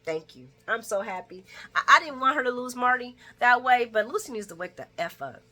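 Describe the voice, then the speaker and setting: Bright-voiced chatty woman recapping. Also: expressive, fairly quick. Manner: chatty, laughs often, acts out characters' lines in a higher voice. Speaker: soap opera recap vlogger. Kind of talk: casual chat recap.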